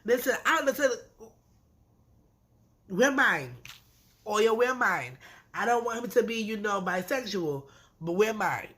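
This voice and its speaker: Animated woman recapping a reality show. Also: medium pitch, unhurried, pauses often. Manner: animated, emphatic storytelling with frequent repeats. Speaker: reality TV reviewer. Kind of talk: casual episode recap.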